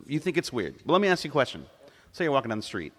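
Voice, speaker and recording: A middle-aged cartoonist on a convention stage, telling crude comic stories in an animated way and laughing with the crowd. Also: male voice, mid-range voice, rapid-fire. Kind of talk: comic live storytelling. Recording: long hall reverb.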